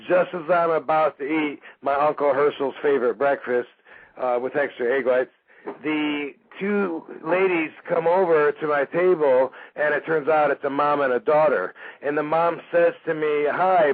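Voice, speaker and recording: Guy hosting a radio show, rambling story, does the other people's voices, highish voice, sounds like it's coming through a phone. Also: moderate pace. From Michigan, USA. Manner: animated, acts out quoted voices, frequent fillers. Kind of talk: casual storytelling radio talk. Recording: phone-like narrow band radio audio.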